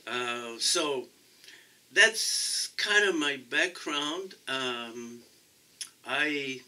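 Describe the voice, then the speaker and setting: Accented guy, lots of restarts and fillers, sharp bright voice, sounds off-mic in a room. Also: medium pitch, expressive, far from the mic, poor audio. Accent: non-native English accent. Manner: halting, many restarts and fillers. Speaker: council candidate. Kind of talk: interview answers.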